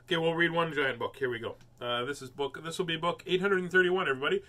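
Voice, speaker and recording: Bright-voiced jokey man reading a storybook. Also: a little high, fast. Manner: rambling and jokey, with many fillers and silly sounds. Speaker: host reading children's books aloud. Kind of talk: playful live book reading with chatty asides.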